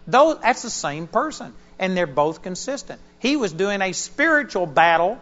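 A male pastor preaching a sermon, an animated storyteller with sudden loud bursts. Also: high-pitched, normal speed, highs cut off.

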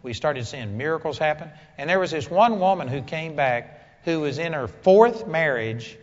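High-voiced blunt preacher in a hall. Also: male voice, lively intonation, moderate pace. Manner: emphatic, blunt, building to loud exclamations. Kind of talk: sermon. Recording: dull echoey hall recording.

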